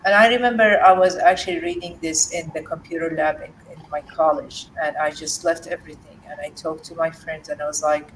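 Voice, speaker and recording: A woman's voice: deep voice, steady tone. Woman telling her story. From Jordan. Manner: halting, with many restarts and fillers. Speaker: guest. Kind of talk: emotional personal story in an interview. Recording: distant mic with faint background noise.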